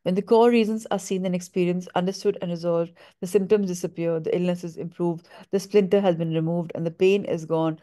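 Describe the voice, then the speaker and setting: Woman reader, low warm voice, measured steady read-aloud pace. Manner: measured, steady reading with small stumbles. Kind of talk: reading a book aloud.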